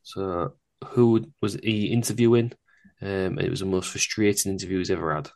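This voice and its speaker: A man's voice: deep voice, little pitch movement, normal speed, gravelly, darkish tone. Laughing man hosting a quiz. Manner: laughing, joking, swearing. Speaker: quiz host. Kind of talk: casual podcast quiz chat.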